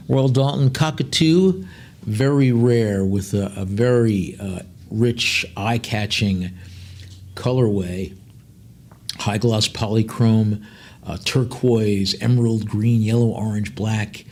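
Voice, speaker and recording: A man working as an auctioneer, rattling off bids quickly and breaking into chatty, joking descriptions of each lot. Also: fairly low pitch, a little mellow. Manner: rapid bid calling mixed with chatty, joking asides. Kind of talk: live auction calling with item descriptions.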